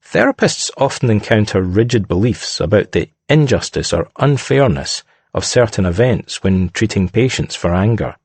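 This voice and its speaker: Husky low-voiced man narrating. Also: a little mellow, no echo. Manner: measured, deliberate reading. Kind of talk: scripted narration.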